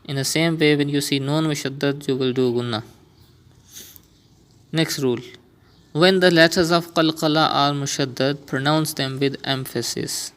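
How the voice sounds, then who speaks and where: A man teaching a beginner Quran reading lesson, explaining rules step by step and patiently repeating each sound slowly for learners. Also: fairly high pitch, fairly even intonation, a bit bright, smooth.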